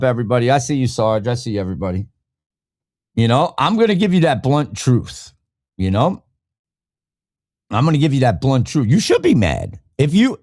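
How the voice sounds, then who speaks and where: A man's voice: on the high side, darkish tone, dry recording, studio quality. A man hosting a live podcast, ranting angrily and bluntly with heavy swearing while greeting chat viewers by name. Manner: angry, profane, blunt ranting. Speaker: podcast host. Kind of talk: livestream rant.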